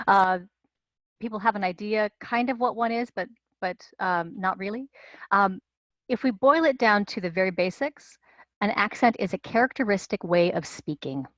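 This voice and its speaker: A woman working as a dialect coach answers interview questions in a measured, explanatory way, with fillers and restarts. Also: medium pitch, no room sound, dull audio.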